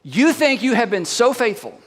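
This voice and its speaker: A man's voice: very high-pitched, very animated, normal speed. A man preaching a sermon as a pastor, telling the story animatedly and firing rhetorical questions at the audience. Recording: long hall reverb.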